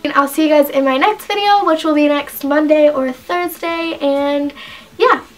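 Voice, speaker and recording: High-voiced young woman rambling through a storytime vlog, says like a lot. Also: moderate pace, soft background music. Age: young adult. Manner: chatty, rambling, heavy use of "like". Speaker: beauty vlogger.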